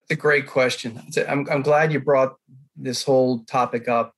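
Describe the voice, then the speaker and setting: A man as a podcast guest, telling a life story in an earnest, animated way. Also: mid-range voice, moderate pace. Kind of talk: conversational interview.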